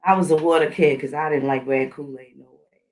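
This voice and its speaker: A woman's voice: low voice, steady tone, fairly quick, a little mellow, far from the mic. A middle-aged woman hosting her own channel, talking in a blunt, combative, profane casual rant. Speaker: channel host. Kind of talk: casual ranting monologue.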